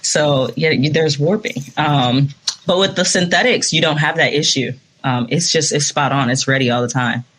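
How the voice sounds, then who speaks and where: A woman's voice: sits low, moderate pace, fairly bright tone. Enthusiastic woman saxophonist telling stories. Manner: enthusiastic storyteller, laughs often. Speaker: saxophonist guest. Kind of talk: casual interview chat.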